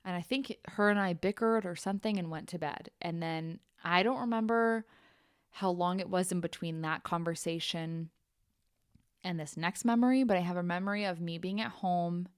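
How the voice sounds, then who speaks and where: A woman's voice: fairly low pitch, normal speed, clean tone, no room sound, studio quality. A young adult woman hosting a podcast, telling a personal story frankly and bluntly, swearing casually and saying "like" often. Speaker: podcast host.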